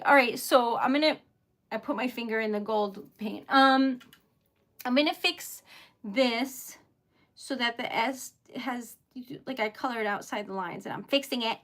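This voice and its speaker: High-voiced, teary, flustered woman streamer. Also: fairly bright tone. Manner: emotional, flustered, giggly. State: teary and shaky. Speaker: live streamer. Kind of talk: casual live-stream chat while crafting.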